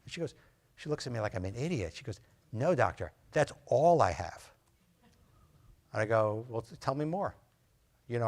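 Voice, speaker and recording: A physician giving a conversational lecture to nurse practitioners, loose and anecdotal, acting out his talks with patients. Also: lowish voice. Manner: loose and anecdotal, full of fillers, acts out patient dialogue.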